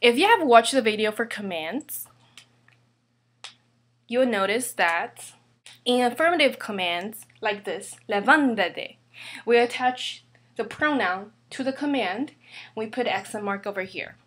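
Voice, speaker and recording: A woman teaching a grammar lesson, slowly and carefully spelling out each example. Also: a little high, expressive, fairly bright tone. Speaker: Spanish teacher.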